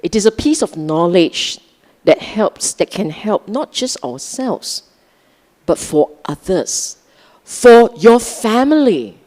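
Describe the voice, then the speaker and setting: A woman with a Singaporean English accent gives a dharma talk at an unhurried pace. Her pitch rises and falls freely as she teases and questions her audience. The long reverb of a large hall trails after each phrase. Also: a little mellow. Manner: conversational, teasing, asks the audience questions. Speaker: Buddhist dharma speaker.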